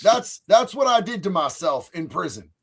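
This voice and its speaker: A male streamer tells crude stories in a profane, boisterous way. His voice runs high for a man and leaps all over the place, jumping from loud bursts down to low mutters. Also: very animated, normal speed, slightly rough. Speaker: streamer host. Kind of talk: crude comedic storytelling on a livestream.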